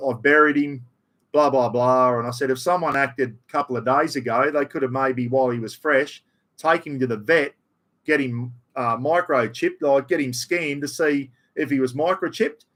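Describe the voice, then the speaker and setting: Reading chat comments on his livestream, a middle-aged Australian bloke talks in a fairly bright, medium-pitched voice. He keeps dropping "mate" and "bloody" in a broad, casual way, and an aircon hums in his room at home.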